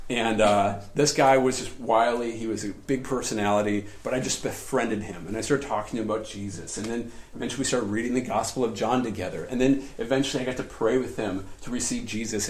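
Animated man telling sermon stories. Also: medium pitch, slight background noise. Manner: animated, laughs often while telling stories. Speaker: pastor. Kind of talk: storytelling sermon.

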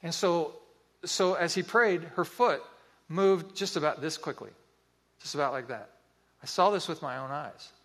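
A man preaching a sermon, telling a story in an earnest, vivid way with pauses. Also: on the high side, a bit bright.

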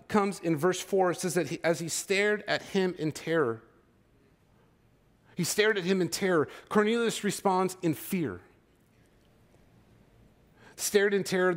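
A man in his thirties preaching a sermon as pastor, in a casual, conversational way that keeps checking in with his listeners. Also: sits high. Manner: conversational, checks in with "okay?" and "right?".

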